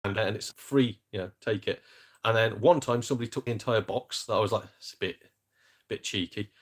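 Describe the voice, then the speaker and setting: A man's voice: fairly low pitch, brisk. A man hosting a casual gaming live-stream chat, rambling and self-deprecating with jokes. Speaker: gaming YouTuber host.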